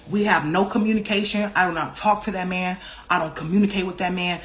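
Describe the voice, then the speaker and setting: Animated young woman telling a story. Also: fairly low pitch, fast. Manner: animated, profane, repeats herself, acts out other people's lines. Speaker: vlogger. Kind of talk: casual storytime vlog.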